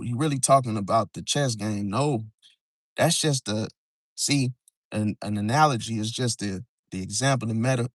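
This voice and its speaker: Outdoors near some parked cars, a man with a mid-range voice hosts an astrology live stream in a loose, casual way. He keeps repeating "see?" and "bro," sometimes dropping to a whisper, and there's no echo.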